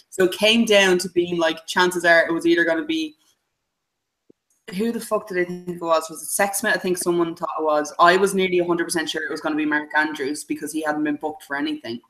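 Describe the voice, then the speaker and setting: A podcast co-host telling a long story in casual chat, animated and swearing freely. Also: mid-range voice, poor audio.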